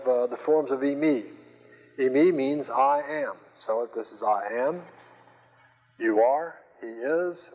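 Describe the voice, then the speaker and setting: Man lecturing on Greek grammar, patient and halting, in a lo-fi recording with long reverb. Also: medium pitch. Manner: slow, patient, hesitant with many fillers. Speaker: Greek teacher.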